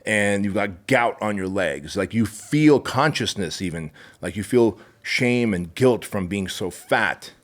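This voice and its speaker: A man with a lowish voice speaks as a podcast guest. His delivery is emphatic and preachy, with plenty of swearing as he drives each point home. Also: expressive, unhurried, hardly any pauses. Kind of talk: casual interview chat.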